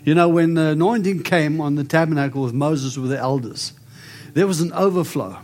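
A man preaching and praying over people in an animated, storytelling way. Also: fairly high pitch, a little fast. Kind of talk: prophetic ministry preaching and prayer.

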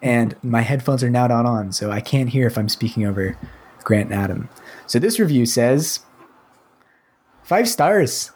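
A man's voice: mid-range voice, normal speed, darkish tone, breathy edge. A young man co-hosting a podcast over a remote call, talking casually and with many hesitations. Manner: rambling, hesitant. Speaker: podcast co-host. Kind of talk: casual chat. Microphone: headphones with mic, remote call.

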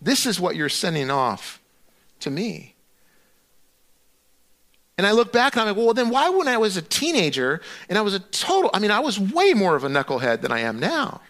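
Male pastor, middle-aged, high bright voice; chatty sermon, acts out his prayers with lots of restarts. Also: big pitch swings, normal speed. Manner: conversational, acts out his own prayers to God with many restarts.

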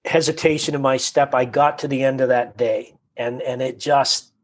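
A man from Canada, a guest in a conversation, telling a story with animated energy, acting out quotes and often repeating his words. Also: mid-range voice, moderate pace.

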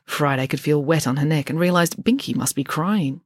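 A woman's voice: deep voice, moderate pace, dry recording, clean studio sound. A woman reading her own children's novel aloud for a podcast, switching between voices for each character.

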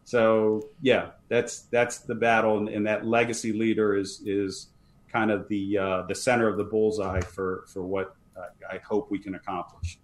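A man's voice: fairly low pitch, level tone, normal speed, a little hiss or hum. Emphatic man talking fire service leadership. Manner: earnest, emphatic, repeats words when starting sentences. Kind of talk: podcast interview.

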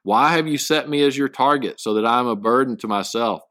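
A man's voice: mid-range voice, fairly bright tone, dry recording. Man teaching a casual Bible study. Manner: reads scripture aloud then explains it in halting casual speech.

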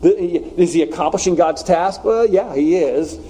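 Animated preacher with a mellow voice. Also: male voice, fairly high pitch, moderate pace, poor audio. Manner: animated, joking, acts out quotes. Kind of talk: conversational sermon.

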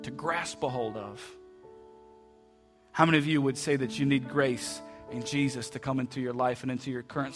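Male pastor, church sermon, heartfelt, repeats words, mid-pitched, faint music underneath. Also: fairly bright tone. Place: church sanctuary.

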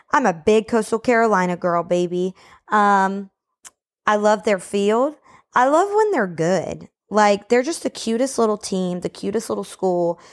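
A young woman hosting a solo podcast from home, ranting in a casual, emphatic way and peppering her talk with slang. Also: medium pitch. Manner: animated, emphatic, slangy ("bro", "baby"). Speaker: podcast host.

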